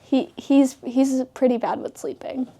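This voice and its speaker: Mellow-voiced teenage girl, giggly. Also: sits high, flat delivery. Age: teens. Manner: giggly, chatty, quick asides. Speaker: interviewee, high school senior. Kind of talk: casual interview storytelling.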